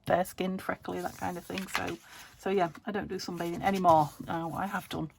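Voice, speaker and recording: A woman's voice: on the low side, flat delivery, fairly quick, gravelly, background noise. A British woman chatting casually in a crafting vlog, rambling and murmuring to herself as she works. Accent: British English. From United Kingdom. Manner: rambling, chatty, drifts into murmurs while working. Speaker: junk journal crafter.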